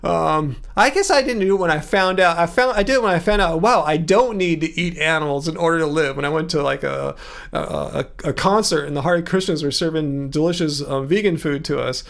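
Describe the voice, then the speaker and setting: A Southern California man with a laid-back SoCal accent hosts a casual livestream, answering chat in a brisk voice with vocal fry. His loose, filler-heavy delivery swings lively in pitch, and he emphasizes words a lot by jumping up in pitch. He's in a room with musical instruments.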